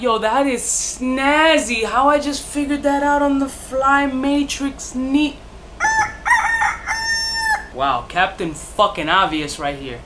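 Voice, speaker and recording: A man's voice: very high voice, lively intonation, slow, fairly bright tone, a little hiss or hum. A man reviewing fragrances in a casual vlog, profane and jokey, with bursts of mock outrage and self-mocking asides.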